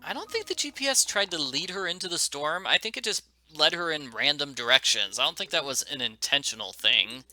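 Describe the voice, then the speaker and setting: A man's voice: a little high, animated, fairly quick, few pauses, poor audio. A man doing gameplay commentary as the host of a let's play, making wry, sarcastic asides. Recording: loud game music underneath.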